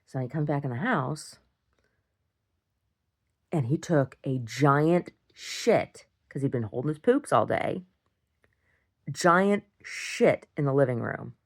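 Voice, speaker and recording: A woman recording a casual video diary, rambling through an animated story and acting out what others said. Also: deep voice, takes it slowly, pauses often. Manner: rambling, animated retelling with acted-out quotes. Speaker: video diarist.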